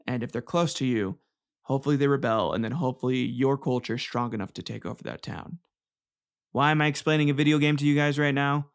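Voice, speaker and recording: A man's voice: medium pitch, quick pace, clear, resonant tone. Rambling, joking male podcast host. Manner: rambling, joking, swears, stumbles over names. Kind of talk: casual comedic history podcast.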